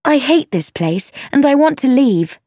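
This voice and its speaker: A woman's voice: sits high, sing-song, unhurried, mellow, no echo, studio quality, voice pushed up. Woman playing scheming young Becky. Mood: resentful.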